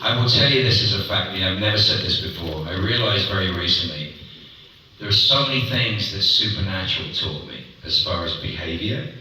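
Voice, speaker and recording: A deep-voiced older man chats on a convention panel, his pitch swinging widely as he jokes. He sits far from the mic in a huge echoing hall, with steady noise underneath. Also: brisk. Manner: jokey, storytelling, laughs often. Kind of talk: panel Q&A chat. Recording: echoey hall, distant mic, noisy.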